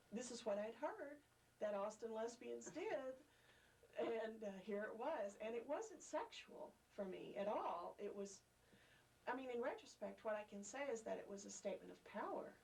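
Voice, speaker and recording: A woman's voice: fairly high pitch, animated, normal speed, gravelly, a little mellow. A woman reflectively recalling her past in an oral history interview. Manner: reflective, laughs between thoughts. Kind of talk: reflective recollection. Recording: distant mic with faint hiss.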